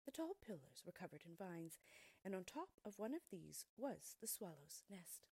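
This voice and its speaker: Husky woman reading a fairy tale aloud. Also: on the low side, normal speed, no room sound. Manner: expressive, often dropping to a soft near-whisper. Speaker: storyteller.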